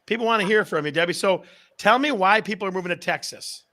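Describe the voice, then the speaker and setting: Upbeat male stream host from Michigan; bright, punchy, loves a bit. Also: sits high, fast talker. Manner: hyped, jokey, rallying the chat. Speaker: show host. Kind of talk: upbeat live-stream chat.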